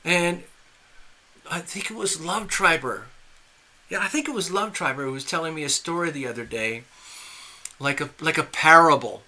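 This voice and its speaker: A man's voice: a little high, moderate pace, pauses often, pushed and bright. A man doing tarot readings on a live stream, telling a story in a chatty, rambling way with restarts and asides. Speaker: tarot reader.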